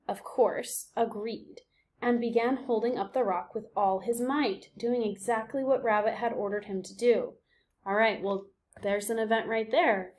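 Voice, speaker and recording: A woman teaching a recorded reading lesson for young students. Her voice sits a little high, and she explains step by step in a patient way. She keeps checking in with her listeners. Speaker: elementary school teacher.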